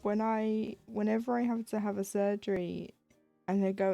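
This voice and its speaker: A woman's voice: mid-range voice, a little fast, gravelly, warm tone, no room sound, soft background music. A woman chatting casually on a live stream while she stitches, acting out little quoted exchanges with a self-deprecating humor.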